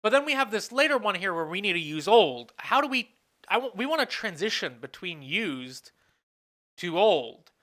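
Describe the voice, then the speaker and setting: Lively, bright-voiced professor thinking aloud. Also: mid-range voice, normal speed. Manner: thinks aloud, restating and correcting themself mid-sentence; asks the class questions and then answers them. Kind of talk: recorded lecture at a whiteboard.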